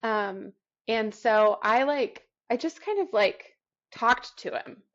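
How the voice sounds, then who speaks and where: A woman guest on a podcast telling a personal story in a reflective, halting way, with many fillers and restarts. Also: fairly high pitch, lively intonation, fairly bright tone, dull audio. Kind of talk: casual conversational storytelling.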